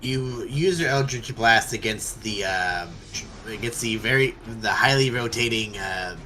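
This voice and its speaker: A young man running a tabletop game as game master, talking haltingly with many fillers and counting moves aloud. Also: fairly low pitch, sharp tone.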